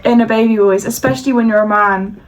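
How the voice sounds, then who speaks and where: Woman, podcast co-host, casual chat, exasperated rants, fairly high-pitched. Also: fairly even intonation, fast, low-quality recording. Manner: exasperated rants with repeated questions.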